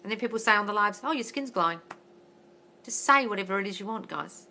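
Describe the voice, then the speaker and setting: An Australian woman runs a casual live Q&A as a mindset coach, answering comments bluntly and loudly and swearing freely. Her voice is bright and forceful, with a brisk, no-nonsense delivery. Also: medium pitch, lively intonation. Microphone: phone livestream.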